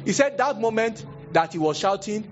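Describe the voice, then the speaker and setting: A young Nigerian man preaching a sermon as pastor, telling a story with acted-out voices and sudden high exclamations. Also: expressive, normal speed, dull audio, over music. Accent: Nigerian, Yoruba-speaking. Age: young adult.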